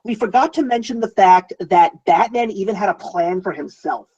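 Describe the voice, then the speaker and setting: Husky, lively man on a dull recording. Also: high voice, moderate pace. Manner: playful and teasing. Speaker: guest co-reviewer. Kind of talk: casual film review chat.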